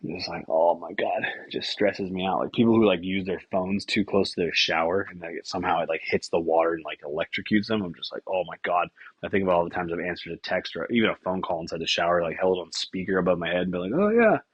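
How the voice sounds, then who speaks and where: A man's voice: low-pitched, steady tone, quick pace, slightly rough, no echo, dull audio. A young man hosting a podcast, telling rambling, profane stories full of fillers in a casual way. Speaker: podcast host. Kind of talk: casual storytelling.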